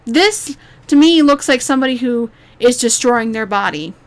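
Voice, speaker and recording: A woman YouTuber with a high-ish, animated voice delivers a rambling, exasperated reaction commentary at normal speed. She swears freely and keeps restarting her sentences.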